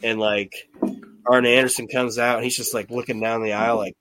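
A man hosts a casual podcast, talking through an old wrestling event. His voice is bright and forceful, recorded dry and close. He rambles, swears, and slips into the voices of the people he quotes. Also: medium pitch, brisk, no room sound. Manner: rambling, profane, animated retelling with quoted voices. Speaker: podcast host. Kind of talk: casual wrestling recap chat.

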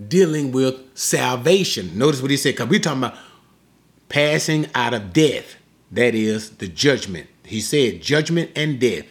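A man's voice: mid-range voice, fairly bright tone. A man preaching an expository sermon, emphatic, repeating phrases for stress and asking the congregation rhetorical questions.

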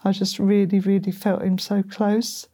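A middle-aged woman, earnestly telling her faith testimony in an interview, halting with ums and repeated words. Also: mid-range voice, level tone, dark tone. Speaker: guest sharing a testimony.

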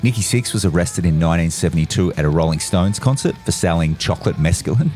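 A man hosting a rock music podcast, reading out a scripted rundown in a brisk, list-reading delivery. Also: low voice, expressive, a little mellow. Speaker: podcast host. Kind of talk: scripted narration.

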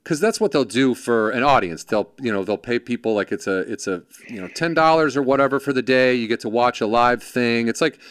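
A man's voice: medium pitch, fairly quick, few pauses, smooth, no room sound. A man spins a story in easy, profane conversation, jumping into the voices of the people he quotes. His voice sits in a middle register and is recorded close and dry, with no room around it. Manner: animated, acts out quoted voices, swears freely. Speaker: podcast guest, former production assistant. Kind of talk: casual storytelling chat.

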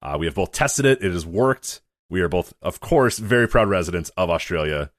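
A man's voice: deep voice, lively intonation, brisk, no room sound, studio quality. A man co-hosting a podcast in casual chat, rambling and correcting himself, laughing as he tells stories. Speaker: podcast co-host.

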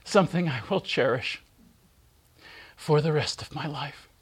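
A middle-aged man gently and warmly telling personal stories in a remembrance talk, with soft pauses. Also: a little high, slightly rough. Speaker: speaker giving a spiritual reflection.

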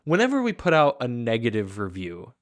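A man's voice: medium pitch, huge pitch swings, brisk, no room sound, studio quality. A man co-hosting a car podcast, talking in a chatty, opinionated way about reviews. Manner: chatty, opinionated, lots of "like" fillers. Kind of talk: casual chat about cars.

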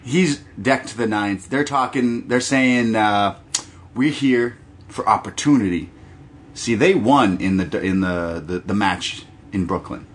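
A man co-hosting a casual wrestling podcast, talking in an animated, profane way and acting out quotes in silly voices. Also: lowish voice, measured pace, few pauses. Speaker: podcast co-host.

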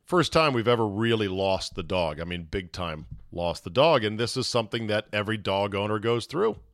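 A middle-aged man hosting a podcast, telling a personal story in casual, animated talk, acting out shouts and swearing now and then. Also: fairly low pitch, normal speed, dry recording, studio quality. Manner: animated, acts out quoted shouts and panic. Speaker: podcast host.

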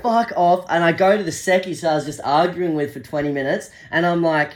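A young Australian man telling a story in casual chat, animated, acting out the voices of the people in it. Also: fairly high pitch, fast.

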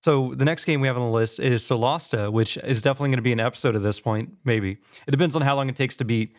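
With a medium-pitched voice and a fast delivery, this gaming podcast host spins animated stories, imitating his friends along the way. His talk is casual and scattered with "like".

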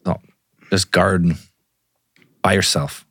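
A man with a lowish voice in casual podcast chat. He delivers short, dry, deadpan quips. The recording is close and dry. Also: slow pace, dry recording.

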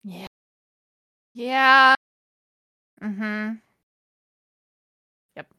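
A woman's voice: on the high side, very slow, pushed and bright, clean tone, dry recording, clean studio sound. A woman hosting a podcast, reading a fanfiction aloud and breaking off for wry, exasperated asides. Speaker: podcast host.

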